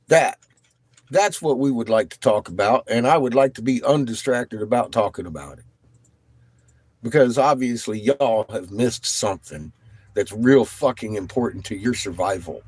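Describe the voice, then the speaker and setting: A middle-aged man livestreaming a profane rant, dropping from low muttering to loud, combative outbursts. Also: breathy edge, no echo. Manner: heavy swearing, blunt and combative.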